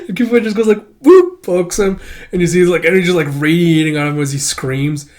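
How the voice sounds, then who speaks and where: A man with a fairly high voice recaps a comic book in a relaxed, chatty way. He keeps introducing each line with "it's like". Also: quick pace. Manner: casual, uses "it's like" to introduce lines, animated. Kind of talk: casual retelling of a comic book.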